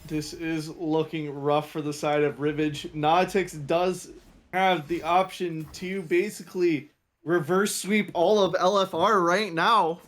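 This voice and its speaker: A man with a fairly high voice calls a live esports card game. He talks in a chatty, excited way and hypes the coming match. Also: slow. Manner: chatty, hyping up the next game. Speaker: esports caster. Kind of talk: live play-by-play commentary.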